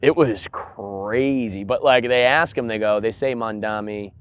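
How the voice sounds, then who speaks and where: A man in casual podcast chat, ranting in an animated way and leaning on filler words. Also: fairly low pitch, a little slow, smooth. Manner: animated, ranting, heavy use of "like" and "dude". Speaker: podcast co-host.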